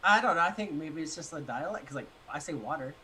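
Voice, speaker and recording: A man's voice: fairly high pitch, animated, quick pace, pushed and bright, low-quality recording. A man co-hosting a casual podcast and reading the chat. He jokes around and laughs often.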